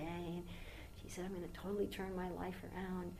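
A woman's voice: fairly low pitch, level tone, fast talker, vocal fry, few pauses, noisy background. A woman giving a devotional talk as a spiritual teacher, telling a long story in a rambling, conversational way with asides to her listeners.

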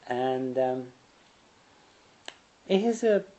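A man's voice: mid-range voice, expressive, extremely slow, warm tone, highs cut off. A man giving a spiritual lecture, telling stories in a rambling way and chuckling often. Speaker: spiritual teacher.

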